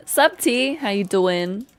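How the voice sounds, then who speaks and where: A woman's voice: on the high side, dry recording. Giggly woman streaming a game. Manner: playful, giggly, teasing chat about slang. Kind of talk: casual live-stream chat.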